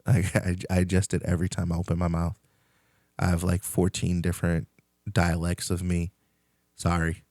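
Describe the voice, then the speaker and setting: Low-voiced man, gravelly fry, candid rambling podcast talk, dry close sound. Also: moderate pace, no echo. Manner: rambling, candid, swears freely. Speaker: podcast host. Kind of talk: casual personal monologue.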